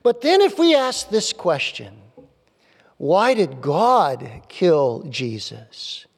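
Male pastor, sermon, slow measured delivery, long hall reverb, emphatic repetition. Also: sits high, very animated. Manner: emphatic, repeats key phrases slowly.

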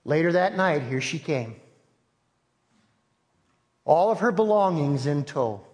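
A man preaching a sermon as pastor, telling a story in an earnest, measured way. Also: fairly high pitch, expressive, a little mellow. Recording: long reverb of a large hall.

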